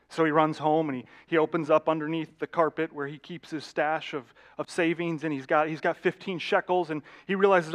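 Male pastor, animated sermon storyteller, slightly high voice. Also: fairly quick, few pauses. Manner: animated, addressing congregation directly.

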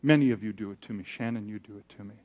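A man's voice: on the low side, rapid-fire, darkish tone. A man preaching, telling a personal story in a candid, self-deprecating way and acting out the voices he quotes. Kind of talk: sermon storytelling.

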